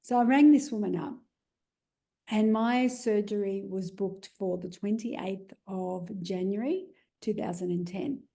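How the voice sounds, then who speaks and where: Gravelly Australian woman telling her story. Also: medium pitch, measured pace, mellow. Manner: earnest, many "you know" fillers. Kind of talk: personal storytelling.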